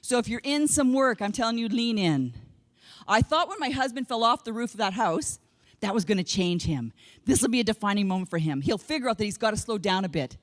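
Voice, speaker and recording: A woman's voice: medium pitch, expressive, a little fast, big-room sound. Blunt, funny woman giving a keynote. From Canada. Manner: candid, blunt storytelling with casual swearing. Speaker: keynote speaker. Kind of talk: humorous motivational keynote. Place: conference room with a live audience.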